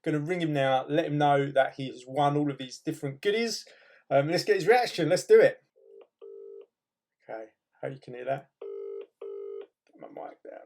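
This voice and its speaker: A man's voice: a little high, normal speed, long pauses, darkish tone. Upbeat man vlogging from his van. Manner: upbeat, says brilliant a lot. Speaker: vlog host. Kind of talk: casual vlog chat. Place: in a van, then outdoors.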